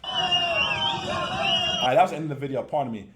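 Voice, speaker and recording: A man's voice: mid-range voice, quick pace, reverberant, shouting, over a noisy crowd, very noisy. A man hosting a reaction video, ranting in blunt, profane, casual commentary and laughing often.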